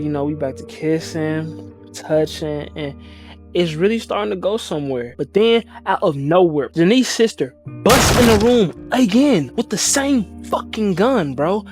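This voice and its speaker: A man's voice: a little high, a little slow, faint music behind. A young man telling a personal story in casual slang, acting out the other people in it. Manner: animated, slangy, acts out voices.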